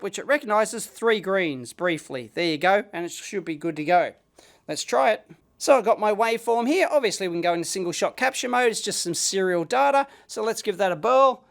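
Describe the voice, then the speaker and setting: An Australian man hosting an electronics video, chatting casually and getting excited while he demos a gadget at his bench. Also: high voice, vocal fry. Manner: excitable, chatty, blokey slang.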